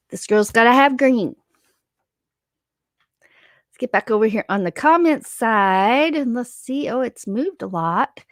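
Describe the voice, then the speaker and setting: A woman's voice: medium pitch, no echo, studio quality. A woman co-hosting a casual livestream from her home, chatting and reading viewer comments aloud. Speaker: livestream co-host.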